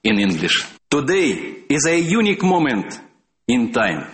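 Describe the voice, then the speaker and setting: A man speaking slowly and solemnly in a played clip. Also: mid-range voice, big pitch swings, fairly bright tone, voice pushed down.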